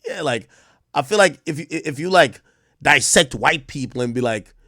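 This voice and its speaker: A Jamaican man hosts a livestream, reacting to clips with loud, crude, profane rants and lots of laughter for comedic effect. His voice is on the high side and expressive, at a moderate pace. The sound is studio quality with no room sound.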